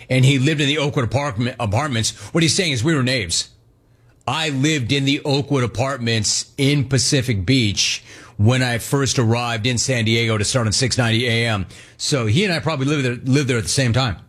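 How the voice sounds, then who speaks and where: A man hosting a sports radio call-in show, brash, playful and fast-talking. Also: mid-range voice, fairly bright tone, breathy edge.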